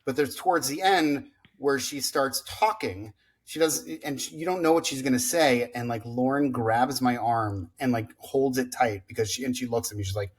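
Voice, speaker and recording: A man's voice: mid-range voice, normal speed, husky. Rambling man podcast co-host. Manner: rambling, filler-heavy storytelling. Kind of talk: casual podcast chat.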